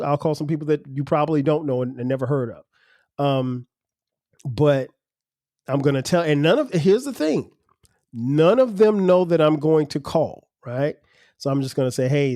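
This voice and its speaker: Brief: male podcast host, mellow voice a touch high, loose rambling delivery, dry close studio mic. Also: no room sound. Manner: loose, rambling, restarts words often. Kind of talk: casual solo podcast talk.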